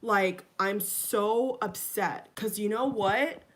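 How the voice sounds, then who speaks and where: A woman ranting to her viewers at a phone camera in her home kitchen. She sounds rattled and angry, circling back over the same words and swearing freely, in a voice of middling pitch. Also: slow pace, a bit bright. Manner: upset and agitated, repeats herself, swears. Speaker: vlogger. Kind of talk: casual vlog rant.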